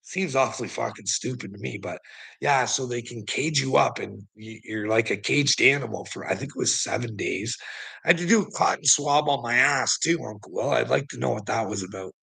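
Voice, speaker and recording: A man's voice: medium pitch, brisk, creaky, sharp tone, breathy edge, poor audio. A man telling a rambling personal story to a relative, swearing constantly and laughing often.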